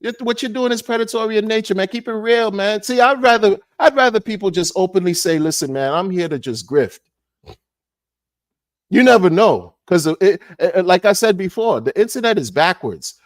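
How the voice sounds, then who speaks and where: A man ranting in a casual monologue, animated and sarcastic, repeating words and laughing often. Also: high voice, fairly quick, few pauses, no echo, studio quality. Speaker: crypto commentator.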